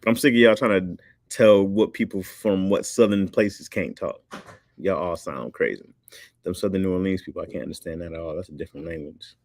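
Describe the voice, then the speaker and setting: A man with a Michigan accent chatting casually with viewers, loose and joking, a little tired, often mimicking other accents with sudden high squeaks. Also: fairly quick, dry recording. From Midwest. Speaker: livestream host.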